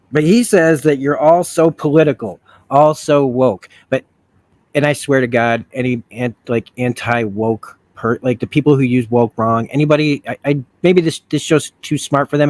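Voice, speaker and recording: A man's voice: mid-range voice, steady tone, a little slow, a little mellow, dry recording. Rambling, profane man reviewing a series. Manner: rambling, profane, with self-correcting restarts. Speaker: video essay host. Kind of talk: casual review commentary.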